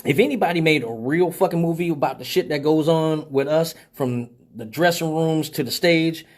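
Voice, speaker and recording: A man hosting a live show, telling a profane story in a casual, animated way and laughing often. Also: a little high, moderate pace. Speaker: host of a live call-in show.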